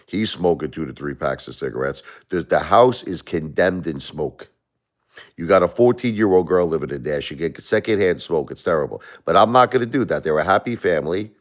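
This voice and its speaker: A man's voice: low-pitched, animated, fairly quick. A middle-aged man hosting a livestream, talking emotionally and defensively to viewers, rambling with repeated words and restarts. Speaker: livestream host.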